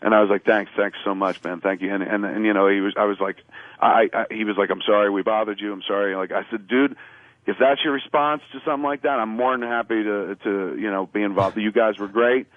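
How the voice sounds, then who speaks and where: A fast-talking man spins a casual anecdote as a radio guest, hopping into the voices of the people in his story. His speech is loose and profane and full of filler. The sound is thin and phone-like, close and dry. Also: fairly low pitch, no room sound. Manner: animated storyteller acting out quoted lines.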